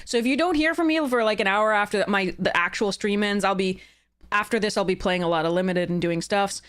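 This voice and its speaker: A woman's voice: medium pitch, brisk, fairly bright tone, clear, resonant tone. Bubbly, giggly woman streamer. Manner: bubbly and giggly, with frequent laughter; rambling, with many fillers and restarts. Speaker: streamer and content creator. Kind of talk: casual live-stream chat.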